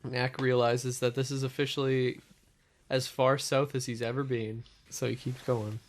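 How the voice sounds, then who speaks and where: A man's voice: medium pitch, flat delivery, moderate pace. A man with an ordinary mid-range voice narrates his character's actions at a tabletop game. He tells it earnestly, step by step, leaning on fillers. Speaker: player.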